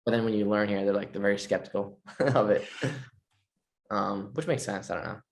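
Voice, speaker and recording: Fast-talking gravelly American man. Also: on the low side, steady tone. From United States. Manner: rambling, filler-heavy talk. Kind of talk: casual chat.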